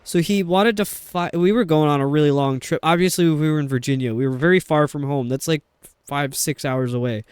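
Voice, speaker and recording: A man's voice: fairly high pitch, a little fast, darkish tone, clear, resonant tone, dry recording, clean studio sound. A young adult man streaming a game, chatting in a rambling, casual way with lots of fillers. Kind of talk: casual chat while playing a game.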